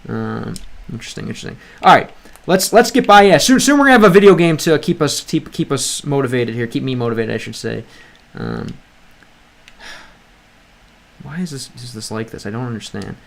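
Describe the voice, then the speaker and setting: A language-learning streamer speaks in a medium-pitched, gravelly voice, animated and brisk, with slight background noise. He chats casually while studying a language live, thinking aloud, reading the chat, and often restarting his sentences.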